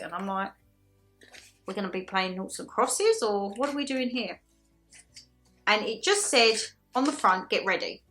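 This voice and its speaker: A woman of thirty vlogging in a casual, excitable way, telling her story with lots of "like" and quoted back-and-forth. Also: mid-range voice, moderate pace, soft background music. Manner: excitable, chatty storytelling with many "like"s. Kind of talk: casual chat to camera.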